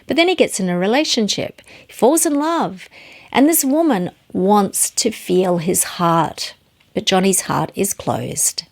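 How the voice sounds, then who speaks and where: Woman teacher, mid-pitched, earnest storyteller explaining psychology. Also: animated, unhurried, creaky. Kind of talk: teaching with illustrative stories.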